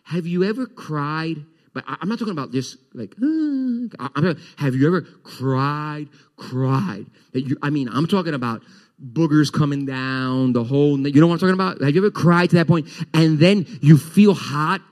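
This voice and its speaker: A man preaching a Sunday sermon as pastor, animated, repeating words and voicing the congregation's questions. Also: a little high, normal speed.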